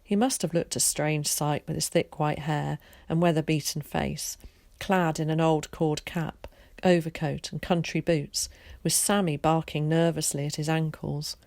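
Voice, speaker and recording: A teacher reading a children's story aloud in a calm, steady way. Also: female voice, low-pitched, dry recording.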